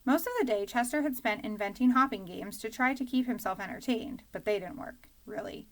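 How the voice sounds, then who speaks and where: A woman narrating a children's storybook in a calm, even reading voice. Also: on the high side, brisk. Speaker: audiobook reader.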